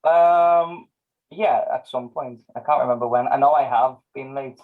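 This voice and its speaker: A man's voice: mid-range voice, moderate pace, phone-quality sound. A young man in his twenties, a stage performer, chatting casually as a podcast guest, easygoing and laughing often. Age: 20s. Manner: easygoing, fidgety, laughs a lot. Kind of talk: casual interview chat.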